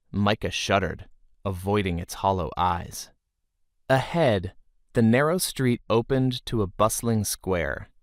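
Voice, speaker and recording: A man narrating a fantasy audiobook in an expressive storytelling way, close to the mic. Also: on the low side, no room sound.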